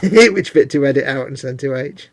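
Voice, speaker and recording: A man's voice: mid-range voice, expressive, moderate pace, vocal fry, a little mellow. A British man co-hosting a live model-making stream, chatting casually and teasing his co-host while he works. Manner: chatty, teasing, laughs easily.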